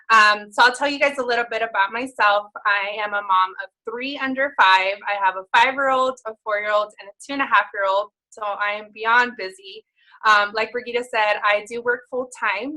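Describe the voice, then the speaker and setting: Valley girl lady in her 30s on a webinar call, bright tone, lots of ums. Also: medium pitch, rough recording. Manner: self-described Valley girl, many fillers. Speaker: guest speaker. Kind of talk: webinar talk. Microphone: call recording.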